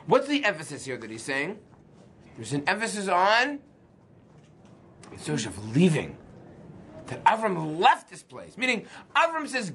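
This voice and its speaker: A man rabbi teaching an informal class, lively and quizzing the class, often acting out voices. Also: fairly high pitch, normal speed. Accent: Canadian. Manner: lively, acts out voices, asks the class questions.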